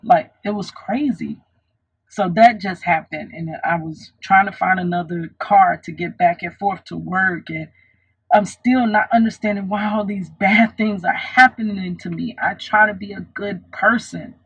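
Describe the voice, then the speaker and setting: Husky woman telling a personal story. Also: medium pitch, a little slow, fairly bright tone, poor audio. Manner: earnest, reflective retelling with many restarts. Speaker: storytime vlogger.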